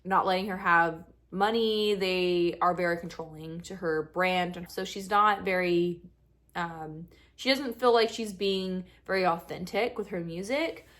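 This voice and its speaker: A woman's voice: lowish voice, unhurried, a bit bright. Chatty young woman gushing over books. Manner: gushing, rambling with many fillers. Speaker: book vlogger. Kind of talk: chatty book review.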